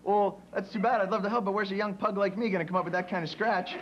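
A man's voice: high-pitched, steady tone, quick pace, noisy background. A man hosting a comedy show, playing a wisecracking, over-the-top tourist in a sketch. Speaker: comedy talk show host. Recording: dull lo-fi TV audio with music and audience.

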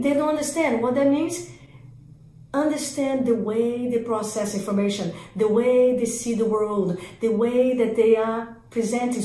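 Woman, sales coach, emphatic repeated commands, slightly high voice, echoey room. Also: warm tone. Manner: emphatic, repetitive lists of commands. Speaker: real estate sales coach. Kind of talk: energetic sales training talk.

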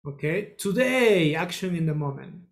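Slow, drilling English teacher. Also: medium pitch, animated. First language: Spanish. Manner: slow, repetitive drilling, calls on students. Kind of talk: classroom English lesson. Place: school classroom with children.

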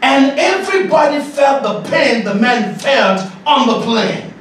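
A high-pitched man lectures a live audience as a leadership coach. He jokes, laughs and raises his voice to a shout. He is recorded from a distance in a roomy hall with noise behind him. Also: unhurried. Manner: animated, joking, often laughing and shouting. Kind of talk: lively masterclass talk to an audience. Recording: echoey hall, distant mic, noisy.

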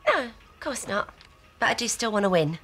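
A woman's voice: medium pitch, very animated, normal speed, fairly bright tone, faint music behind. An actress playing a middle-aged mother competing to throw her daughter's party, in a sitcom. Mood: scheming. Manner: exasperated and competitive.

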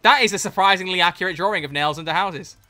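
Game streamer, live commentary, sharp bright voice, excitable and foul-mouthed. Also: medium pitch, fast talker, faint music behind. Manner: excitable, swears freely, bursts into loud laughter.

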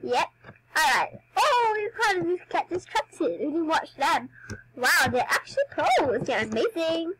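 A woman's voice: extremely high pitch, very animated, measured pace, a bit bright, poor audio. A young woman chatting casually while playing a dance game for her channel, a bit under the weather. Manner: chatty, giggly, self-mocking. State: slightly sick, coughing. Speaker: gaming YouTuber.

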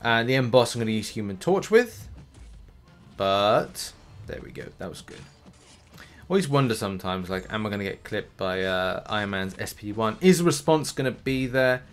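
A man's voice: fairly low pitch, expressive, moderate pace, smooth. A man chatting through a live gameplay session as a gaming video host, rambling and now and then cheering the game on. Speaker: gaming YouTuber.

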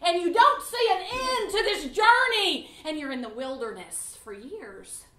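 A woman's voice: very high voice, expressive, measured pace, fairly bright tone, roomy sound, recorded from a distance. A woman teaching a Bible class at church, speaking with passion and piling up clauses as she shares her own testimony. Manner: impassioned, piles up clauses with "and"; tells personal testimony with feeling. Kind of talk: Bible class lesson with audience questions.

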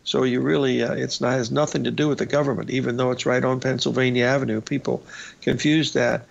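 Brisk, medium-pitched and level in tone, this male radio host rambles through casual market commentary over charts in a folksy, raspy voice, saying "uh" and "folks" a lot. The lo-fi broadcast recording is slightly dull.

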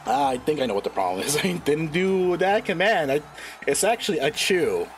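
A male wrestling commentator with a somewhat high voice that rises and falls a lot. He rambles, laughs at his own slips and pokes fun at himself as he calls the show. Faint music runs in the background. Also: very animated, moderate pace. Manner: giggly, rambling, self-deprecating, laughs often. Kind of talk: live-streamed play-by-play commentary.

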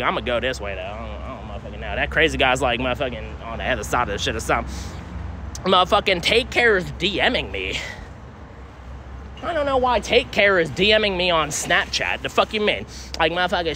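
A young man with a high, bright voice rambles in slang as he walks city streets, streaming from the phone in his hand. He swears a lot and keeps falling back on the same fillers. Faint traffic and street sounds run behind him. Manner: rambling slangy talk, heavy swearing, frequent "I don't know, homie". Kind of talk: casual live-stream vlog. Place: outdoors on city streets and a train station. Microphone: phone held while walking. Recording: faint street noise from outside.

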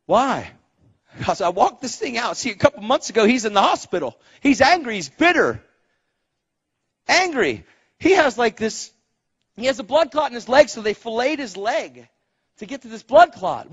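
A man preaching a testimony sermon, telling stories with loud exclaims and quiet asides. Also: moderate pace, slightly rough. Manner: animated storytelling, swings between loud exclaims and low asides. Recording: dull lo-fi live recording.

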